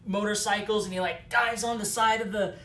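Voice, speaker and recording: A man co-hosting a film talk, excitedly retelling a movie scene and acting out the lines, recorded at a distance in an echoey space. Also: sits high, fairly quick, a little hiss or hum. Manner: animated retelling, acting out quotes. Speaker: co-host. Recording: roomy echo, far from mic.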